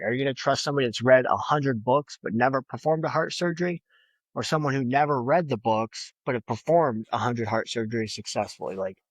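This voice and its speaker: Guesting on a podcast, a man known in fitness and bodybuilding chats in a casual interview style, emphatic and motivational, sprinkling in "like" and "you know" often. His mid-range voice is recorded without echo.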